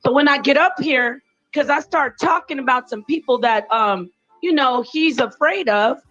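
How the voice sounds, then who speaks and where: A woman's voice: high-pitched, moderate pace, a bit bright, lo-fi sound, soft background music. A woman ranting angrily on a live stream, profane and confrontational. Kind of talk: heated live-stream rant.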